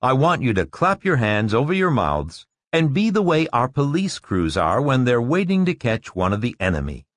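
A man's voice: medium pitch, big pitch swings, normal speed, few pauses, no room sound, clean studio sound, natural voice. A man reading a story, voicing a confident male school director who lectures a class in a declamatory way. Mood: coaxing, playful.

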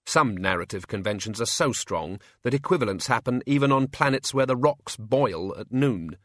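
A man's voice: mid-range voice, animated, moderate pace, fairly bright tone, dry recording. A man reading a story aloud with dry, wry narration. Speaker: audiobook narrator. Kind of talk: scripted narration.

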